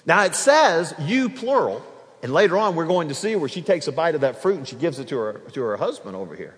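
A man preaching an expository sermon, acting out dialogue and swinging between loud and soft. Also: on the high side, fairly quick. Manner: animated, acts out dialogue, varies loudness. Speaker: pastor. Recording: long hall reverb.

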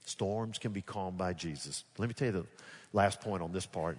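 Animated preacher man in a reverberant hall. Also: low voice, moderate pace, slightly rough. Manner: swings from hushed to loud, animated acting-out. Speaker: pastor. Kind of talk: sermon.

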